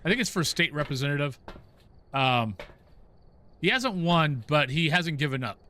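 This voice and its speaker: This middle-aged streamer rambles from story to story as he games, addressing his chat and the game's ghost alike. He speaks at a moderate pace in a fairly high, animated voice with a sharp tone and a faint hiss or hum.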